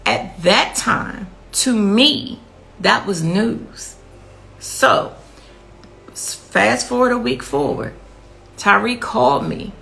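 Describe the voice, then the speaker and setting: A woman's voice: mid-range voice, lively intonation, takes it slowly, gravelly, pauses often, a bit bright, low-quality recording. A woman, a grieving mother, giving a blunt and impassioned interview account, repeating herself for emphasis. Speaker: victim's mother telling her story.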